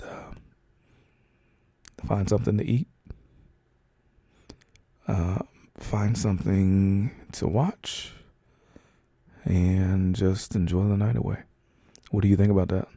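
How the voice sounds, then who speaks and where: A young man speaking in a whispered role-play, comforting a listener as their boyfriend. His voice is very dark and husky, recorded dry and close with no room sound. He talks slowly and gently, pausing often with soft fillers. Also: sits low, dry recording. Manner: soft, slow and reassuring, with hesitant fillers.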